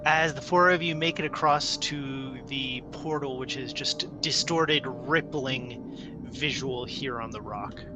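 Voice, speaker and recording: A man running a tabletop game as game master, explaining rules in a relaxed way with small restarts. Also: medium pitch, slow pace, over music.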